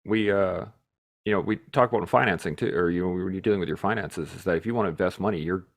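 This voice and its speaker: A man hosting a podcast, telling stories in a casual, animated way, swearing freely and laughing as he talks. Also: low-pitched, fast talker. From Canada. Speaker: podcast host. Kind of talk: casual storytelling chat.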